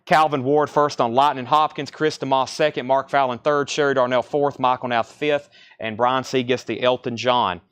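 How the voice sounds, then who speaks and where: A man hosting a live-streamed record sale, listing records and prices in rapid, brisk sales patter. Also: mid-range voice, fairly even intonation, a bit bright, clear, resonant tone. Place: record store.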